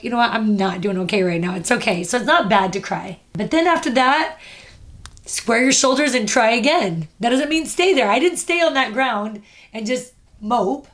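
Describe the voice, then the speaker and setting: A woman podcast host telling a personal story in an earnest, heartfelt way. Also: fairly high pitch. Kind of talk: casual chat.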